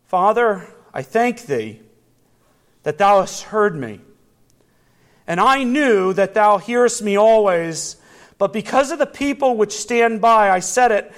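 A man preaching a communion sermon, reading scripture slowly and building to fervent emphasis. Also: high-pitched. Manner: deliberate, measured delivery with long pauses.

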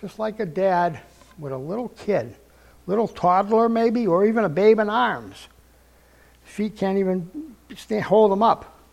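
An older man delivers a sermon testimony in a fairly high, gravelly voice with a darkish tone. He tells his story earnestly, repeating phrases for weight and acting out the lines he quotes.

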